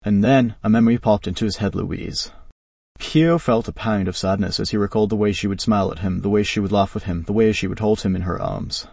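A man narrating a dramatic story in a steady, even reading voice. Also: on the low side, a little fast, creaky, husky, no echo, far from the mic.

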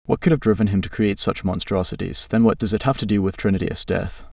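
A man's voice: on the low side, steady tone, quick pace, gravelly, darkish tone, no echo, studio quality, recorded from a distance. A man voicing a grim, thoughtful male companion in a storybook, earnest and questioning.

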